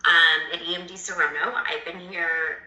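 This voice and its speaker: A woman's voice: fairly low pitch, fairly even intonation, normal speed, reverberant, very noisy. A woman who leads a sales team interviews a candidate over a video call from a hotel room. She is polite and rambles with many fillers.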